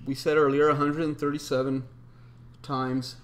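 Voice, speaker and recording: A man's voice: on the high side, level tone, moderate pace, a little hiss or hum. A man presenting a solo explanatory video, laying out long strings of numbers and reading scripture quotes, with frequent ums and uhs. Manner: methodical, recites numbers and scripture with filler ums. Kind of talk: explanatory monologue.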